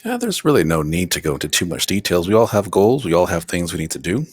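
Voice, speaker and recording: A man plays an emotionless, inhuman-sounding character at a tabletop game, and the voice sits very low. The delivery is flat and empty, with no warmth in it. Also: quick pace, breathy edge, no echo, studio quality, heavily acted. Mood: detached. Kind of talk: tabletop role-play, in character.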